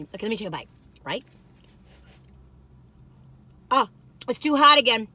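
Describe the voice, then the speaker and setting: Woman, chatty, folksy, bright, talks while eating in a car. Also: on the high side, sing-song, normal speed, long pauses, breathy edge. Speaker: food reviewer vlogger. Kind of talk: casual chatty food review. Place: parked car.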